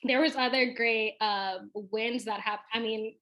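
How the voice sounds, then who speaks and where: A woman's voice: fairly high pitch, steady tone, measured pace, lo-fi sound. A woman co-hosting a casual chat show who speaks earnestly, leads the topics, and often trails off and restarts. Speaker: podcast co-host.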